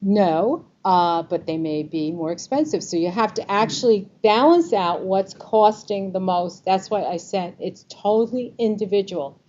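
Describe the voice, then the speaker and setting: A woman's voice: mid-range voice, lively intonation, unhurried, hardly any pauses, darkish tone. Chatty New York woman giving a seminar. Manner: chatty, quizzes the audience with true-or-false questions. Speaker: Medicare advisor presenting a talk. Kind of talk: informal seminar presentation. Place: meeting room with a live audience. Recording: slightly muffled recording, faint room noise.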